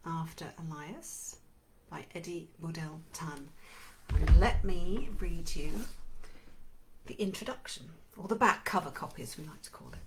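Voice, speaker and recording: A woman's voice: deep voice, unhurried. Gushing woman hosting a book show. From not from North America. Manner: gushing, enthusiastic. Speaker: host of a live book-reading show. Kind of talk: casual live-stream chat and book reading.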